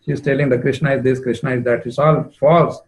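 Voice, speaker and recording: A man doing a stern low snake king. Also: fairly even intonation, quick pace, close to an everyday voice, rough recording. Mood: angry.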